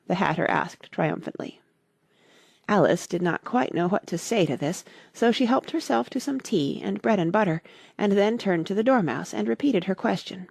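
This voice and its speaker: Brief: female audiobook narrator, lower voice with an animated, expressive delivery. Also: moderate pace, gravelly, husky, dry recording, studio quality. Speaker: audiobook reader. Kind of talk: storybook narration.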